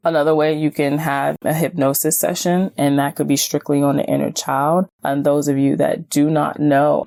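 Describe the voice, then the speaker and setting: A woman hosting a self-help podcast in a casual, animated way, often acting out what people say. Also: low-pitched, vocal fry, dry recording. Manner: animated, acts out quoted voices, many "like"s. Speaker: podcast host and certified hypnotist.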